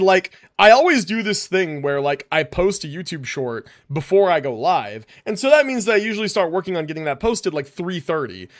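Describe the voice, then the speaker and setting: Rambling male streamer, slightly high voice. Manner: rambling, repeats words and restarts, says "right?" often. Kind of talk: casual livestream chat.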